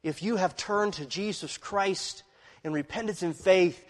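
A man with a high, bright voice preaches a sermon with dramatic swings from hushed asides to loud declarations. His voice carries a long reverb, as if recorded in a large hall. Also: unhurried. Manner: dramatic, swings from quiet to shouting.

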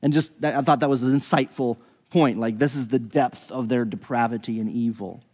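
A man walks through a scripture passage in an unhurried, conversational teaching voice at a middling pitch. He thinks out loud, often restarting and hedging his sentences. His voice rings with a long hall reverb. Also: steady tone. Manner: thinks aloud, with frequent restarts and hedges. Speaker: Bible teacher.

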